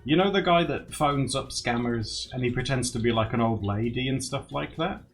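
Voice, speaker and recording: A man's voice: medium pitch, moderate pace, soft background music. A man chatting casually on a live stream, giggly and playful. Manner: giggly, playful, bouncing between voices.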